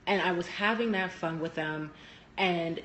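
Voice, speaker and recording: A young woman who works as a teacher, talking casually on a phone live stream at home, telling lively stories and acting out what people said. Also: unhurried. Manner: animated storytelling, acting out quotes with big pitch jumps.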